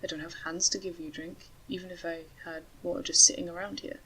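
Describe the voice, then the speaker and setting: A woman voicing a calm, wry male talking rattlesnake in a storybook reading, speaking in a matter-of-fact way. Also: lowish voice, fast, slight background noise, rough recording. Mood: explaining. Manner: matter-of-fact, dryly joking.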